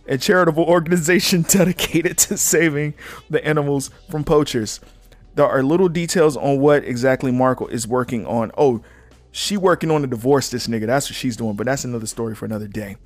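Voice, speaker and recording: A young man hosts a podcast solo, speaking casually and bluntly as he reads news articles aloud and cuts in with his own opinions. His voice is fairly high-pitched, and the recording is dry.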